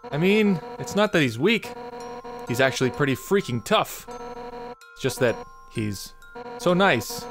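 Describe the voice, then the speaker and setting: A man voicing a hot-headed fish-woman warrior captain, talking loud and boisterous over game music. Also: fairly high pitch.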